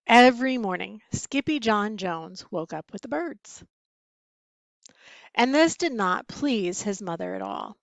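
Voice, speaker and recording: A woman teacher reads a bedtime story aloud, her delivery slow and expressive. The recording is dry and a little dull, with no room echo. Her pitch sits in a middle range. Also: creaky. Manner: expressive, animated reading.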